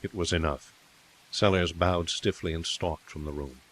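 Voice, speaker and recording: Low male voice reading a classic short story, measured and steady. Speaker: narrator.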